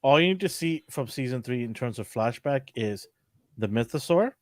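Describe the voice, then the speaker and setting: An older man hosting a casual pop culture chat, animated and laughing often. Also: medium pitch, moderate pace, dry recording, studio quality. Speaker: podcast host.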